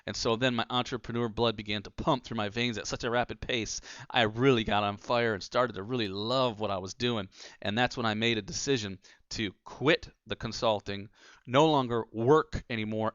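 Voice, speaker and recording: Male business coach, smooth resonant mid voice, dry close sound, slightly dull recording; earnest and preachy. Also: mid-range voice, fairly bright tone, no echo. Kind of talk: motivational talk.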